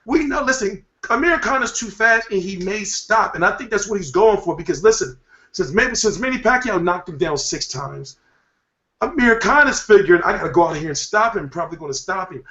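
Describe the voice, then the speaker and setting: A man hosting a boxing talk show, giving a rambling, profane, animated rant in casual commentary. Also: sits high, normal speed. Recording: echoey room, dull lo-fi sound.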